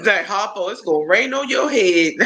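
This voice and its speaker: A woman's voice: medium pitch, animated, a little slow, sharp tone, rough recording. A woman in her fifties chatting casually on a live stream, rambling through stories with lots of restarts. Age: 50s.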